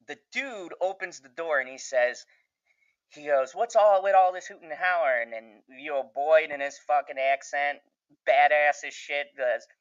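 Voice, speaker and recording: A man with a bright, forceful voice rambles through a TV recap, swearing freely and getting worked up. The sound is dry and slightly dull, like a lo-fi home recording. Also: medium pitch, clean tone, no echo. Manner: profane, excitable, rambling. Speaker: TV reviewer. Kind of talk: casual recap review.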